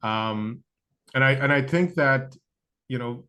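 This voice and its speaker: A man's voice: medium pitch, takes it slowly, sharp tone. Reflective man with many restarts. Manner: thoughtful, lots of fillers and restarts; acts out other people's quoted excuses. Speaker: podcast guest. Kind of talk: conversational interview.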